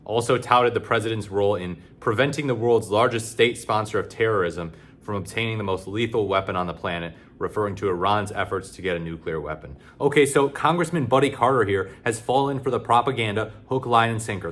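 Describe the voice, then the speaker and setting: A man delivering casual opinion commentary in a somewhat low voice. He talks sarcastically and bluntly, with loose phrasing, fillers and frequent restarts. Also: fast talker, hardly any pauses, fairly bright tone. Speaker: political commentator.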